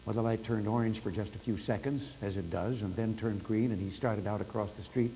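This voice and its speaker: A man in his seventies delivering a formal speech by telephone, telling anecdotes in a folksy storytelling manner with gentle humor. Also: on the low side, steady tone, a little fast, low-quality recording. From United States. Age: 70s. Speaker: president giving remarks. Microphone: telephone hookup. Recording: archival telephone speech with faint noise.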